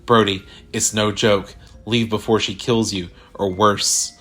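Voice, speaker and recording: A man's voice: lowish voice, little pitch movement, measured pace, fairly bright tone, breathy edge. A man voicing a frightened, trembling middle-aged mother in a horror story reading, speaking shakily. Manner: shaky, fearful.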